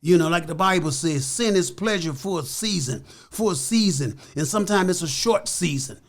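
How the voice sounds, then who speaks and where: A man's voice: high-pitched, animated, normal speed. An older American man talking as a guest in a casual interview, earnest and full of "you know" and "like I said.".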